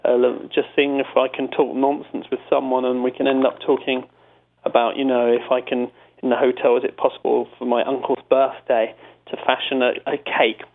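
British man, rambling anecdotes, self-amused, mid-pitched voice, tinny phone line. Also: flat delivery, moderate pace. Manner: rambling, self-amused storytelling with many restarts. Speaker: comedy writer and prank caller. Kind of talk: casual interview chat.

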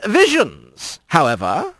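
A man's voice: on the high side, wildly swooping pitch, takes it slowly, a bit bright, no echo, heavily acted. A man voicing a scarred old male kit fox, a courtly trickster who speaks with a lilting lilt and formal, sly phrasing. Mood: grand.

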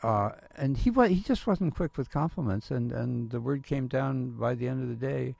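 An older man, a retired professor, telling lively anecdotes in a radio interview and acting out the voices of people he quotes. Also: mid-range voice, normal speed, gravelly, no echo. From Southern California. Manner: animated storyteller, acts out quoted voices. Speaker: guest storyteller.

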